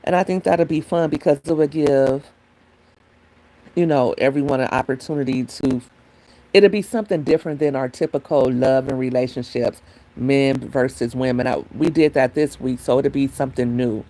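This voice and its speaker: A woman's voice: very deep voice, normal speed, warm tone. A woman hosting a casual livestream on her phone, chatting and rambling to her viewers and answering the chat. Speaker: livestream host.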